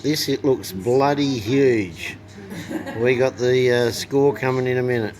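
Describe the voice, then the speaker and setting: A man's voice: medium pitch, unhurried, crowd noise, rough recording. Laid-back Australian man vlogging outdoors. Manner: laid-back, swears casually, many "uh" fillers. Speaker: travel vlogger. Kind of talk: casual vlog narration. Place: outdoors on a river boat. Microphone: handheld camera mic.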